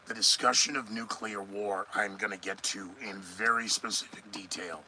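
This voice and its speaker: A man's voice: lowish voice, fairly even intonation, normal speed, few pauses, sharp tone, a little hiss or hum, low-quality recording. A man hosting a solo news commentary podcast, sarcastic and rambling, often answering his own remarks. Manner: sarcastic, rambling, talks back to himself. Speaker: podcast host.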